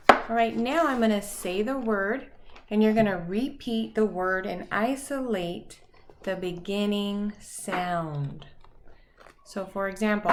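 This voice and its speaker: A woman teacher leading a phonics lesson for young children, saying each word slowly and clearly and praising the listeners. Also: medium pitch, noisy background. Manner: slow, clearly enunciated words with pauses; encouraging, praising.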